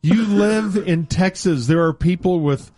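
A man's voice: high-pitched, unhurried, over music. A man hosting morning radio in a teasing, argumentative studio banter. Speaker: radio show host.

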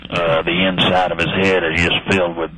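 A man's voice: sits low, little pitch movement, brisk, sharp tone, a little hiss or hum, low-quality recording. A man doing a folksy old football owner. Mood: boastful joking. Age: older. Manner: rambling folksy one-liners with hesitant fillers. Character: aging male football team owner, boastful, folksy. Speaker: guest. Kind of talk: radio comedy impression.

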